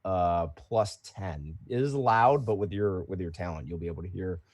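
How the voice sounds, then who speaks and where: A man narrating as game master of a tabletop role-playing game, in a relaxed way. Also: sits low, normal speed, lo-fi sound.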